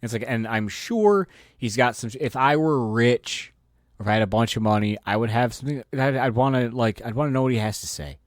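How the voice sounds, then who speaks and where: A man's voice: medium pitch, fairly quick, dry recording, clean studio sound. A man hosting his own podcast, ranting casually with heavy swearing and an exasperated delivery, often stumbling and repeating words as he goes. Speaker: podcast host. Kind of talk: casual profane rant.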